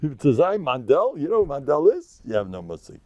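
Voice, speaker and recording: An older man a gravelly voice, a rabbi giving an informal lecture, joking, boastful and self-mocking. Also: on the high side, huge pitch swings, quick pace, dry recording, dull audio. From United States.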